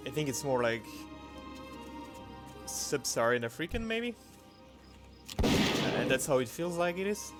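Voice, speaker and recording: Rambling gamer over loud music. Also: male voice, fairly high pitch, sing-song, a little slow, pauses often. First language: French. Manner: rambling, thinking aloud with many fillers. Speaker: game streamer. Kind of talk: casual gameplay commentary. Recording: loud game music behind voice.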